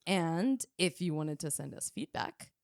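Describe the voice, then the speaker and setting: A woman's voice: lowish voice, animated, measured pace, gravelly, no room sound, clean studio sound. A woman co-hosting a nursing podcast, telling stories in casual chat and laughing often. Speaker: podcast co-host, nurse.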